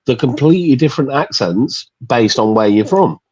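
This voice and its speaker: A man with a Midlands English accent talks in a casual group chat, hammering his point home and dropping curse words. His voice is breathy and husky. The sound is dry and a bit dull, as if it came through a cheap mic. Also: medium pitch, lively intonation, normal speed, darkish tone, no room sound. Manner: emphatic, swears freely, says "mate".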